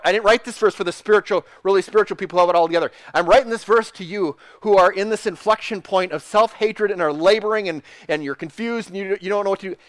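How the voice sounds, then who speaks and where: A man's voice: sits high, fairly bright tone, dry recording. A man preaching a sermon, earnest and emphatic, repeating phrases and restarting mid-thought. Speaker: pastor.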